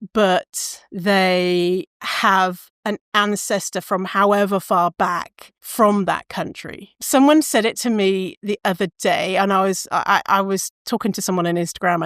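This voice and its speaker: Woman, podcast host, casual rambling monologue, mid-pitch, dry close mic. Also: dry recording. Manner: rambling, tangents, self-interrupting, swears.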